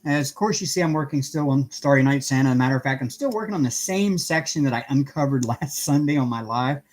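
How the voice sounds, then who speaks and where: Working on a craft project during a casual home livestream, the host greets each viewer by name with cheer. He talks fast in a medium-pitched, slightly mellow voice with lively intonation.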